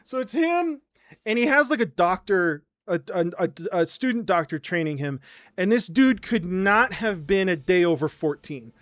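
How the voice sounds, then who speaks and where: A man streamer telling a story in casual chat, animated and sarcastic, with frequent stammered restarts and swearing. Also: sits high, normal speed, dry recording.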